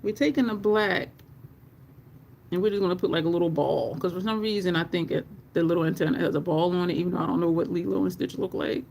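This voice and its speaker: A woman's voice: on the low side, steady tone, fast, gravelly, a little mellow, slight background noise. A woman chatting casually on a livestream while doing her makeup, swearing freely, laughing often and talking to her chat.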